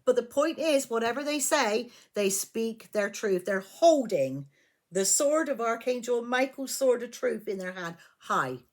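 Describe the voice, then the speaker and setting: A woman's voice: a little high, animated, a little slow. A woman giving a tarot reading, blunt and emphatic, swearing freely as she lays out the cards. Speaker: tarot reader.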